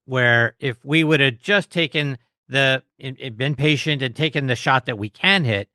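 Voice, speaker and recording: A man's voice: medium pitch, moderate pace, sharp tone, dry recording, clean studio sound. A man hosting an interview, talking casually and self-deprecatingly with frequent restarts. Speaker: host.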